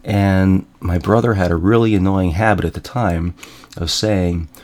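A man's voice: low-pitched, fairly even intonation, measured pace, a little mellow. A man hosting his own show, telling wry family stories in a casual monologue and chuckling now and then. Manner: wry, chuckling, self-deprecating. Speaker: host.

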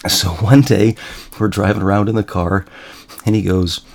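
A man's voice: lowish voice, steady tone, moderate pace, creaky, darkish tone, a little hiss or hum. A man hosting his own show, telling wry family stories in a casual monologue and chuckling now and then. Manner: wry, chuckling, self-deprecating. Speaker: host.

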